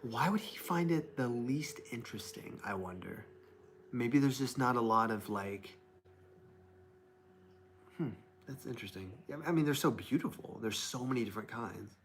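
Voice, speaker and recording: Speaking at a moderate pace with medium pitch, this young livestream host sounds animated and a bit bright as he muses aloud and reads chat from his laptop. He's at a plant-lined desk indoors, recorded on the laptop mic with slight background noise.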